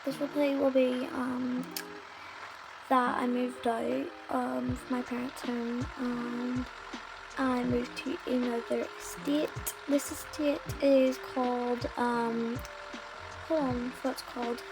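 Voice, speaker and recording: A woman's voice: sits high, level tone, slow, vocal fry, noisy background. A British woman with a sore throat, narrating a game roleplay casually and rambling with many fillers. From United Kingdom. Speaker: roleplay gamer. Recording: loud background music.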